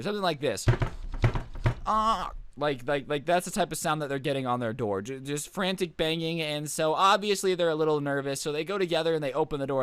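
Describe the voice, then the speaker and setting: A man's voice: fairly high pitch, fairly bright tone, clear, resonant tone, dry recording. A young man casually telling a true-crime story, rambling and jokey with wry asides. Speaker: YouTube storyteller.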